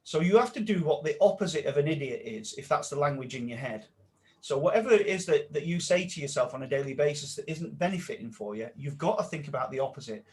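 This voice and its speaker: A man, a mindset coach speaking as a podcast guest, animated and dropping his voice low when he quotes self-talk. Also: quick pace. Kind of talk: casual podcast interview.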